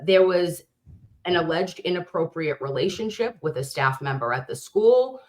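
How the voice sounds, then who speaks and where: Woman guest, true crime creator, lowish voice, rambling delivery with restarts. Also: lively intonation, normal speed. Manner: rambling, restarts sentences often. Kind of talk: conversational interview.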